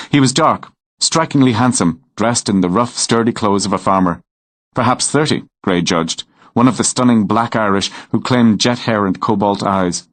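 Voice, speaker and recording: Low-voiced male audiobook narrator. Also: dry recording. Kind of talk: scripted novel narration.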